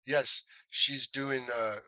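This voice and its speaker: Taking it slowly in a mid-range voice, an older male actor relates anecdotes as an interview guest. The recording is rough, with no echo. He's casual and animated, voicing the words of the characters in his stories.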